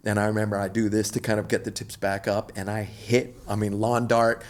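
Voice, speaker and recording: A middle-aged man, an extreme athlete guest, telling a story in an animated, slangy, laid-back way. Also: on the low side, brisk. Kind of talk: casual storytelling interview.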